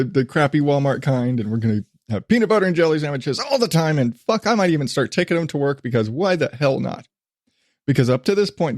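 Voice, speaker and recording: Man, 30s, podcast host, animated storyteller, laughs and swears, slightly high voice, dry close mic. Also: no echo. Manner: animated storytelling, jumps to high-pitched voices when quoting his kids; laughs often, swears casually. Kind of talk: casual solo podcast monologue.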